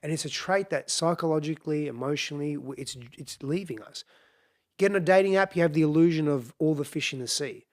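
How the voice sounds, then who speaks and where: A man's voice: fairly high pitch, a little fast. A middle-aged man speaking as a podcast guest, explaining in an earnest, reflective way and repeating phrases for emphasis.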